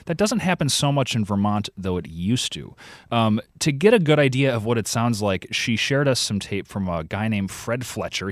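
A man from the Chicago area with a lowish voice, talking in a lively, animated way as a podcast co-host on the radio. The sound is dry and close. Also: no room sound. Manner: lively, conversational storytelling. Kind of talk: radio interview explanation.

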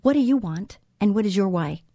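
A woman's voice: medium pitch, animated, brisk, dark tone, no echo. A woman hosting a Christian talk show, speaking in an encouraging, conversational way and repeating phrases for emphasis. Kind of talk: devotional talk show monologue.

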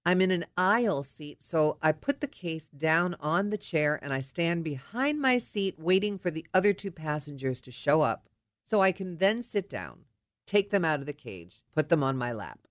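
A woman's voice: low voice, big pitch swings, moderate pace, no echo, studio quality. Middle-aged woman telling an indignant story. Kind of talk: personal anecdote.

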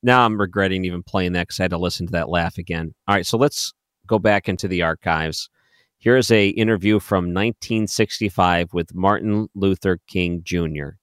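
A man's voice: sits low, normal speed, clear, resonant tone, no room sound, studio quality. A man hosting a political commentary show, sarcastic and mocking as he plays clips. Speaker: commentary host.

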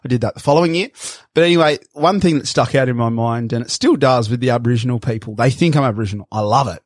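A man's voice: medium pitch, quick pace, dry recording, studio quality. Laughing man spinning yarns. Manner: laughing, rambling storyteller. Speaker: podcast guest. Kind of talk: casual interview chat.

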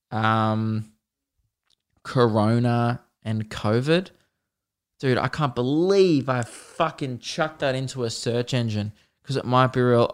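A man's voice: mid-range voice, smooth. Sweary man ranting on a podcast. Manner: rambling and sweary, self-deprecating. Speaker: podcast host. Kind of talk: solo comedy podcast rant.

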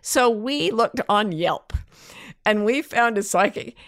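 A woman's voice: a little high, slow, dry recording, clean studio sound. A woman co-hosting a podcast, telling anecdotes in casual chat and acting out the quotes. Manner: animated storyteller, acts out quotes. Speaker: podcast co-host.

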